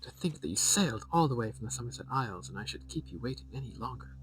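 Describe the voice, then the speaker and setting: A man's voice: medium pitch, expressive, fast, a bit bright, recorded from a distance, lightly acted. A man voicing a scheming, haughty queen mother who speaks breezily and cuttingly. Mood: imperious.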